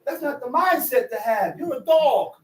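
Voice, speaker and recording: A man teaching a Bible class as a preacher, animated and often shouting, with laughs between points. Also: extremely high pitch, normal speed. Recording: roomy sound from a distant mic.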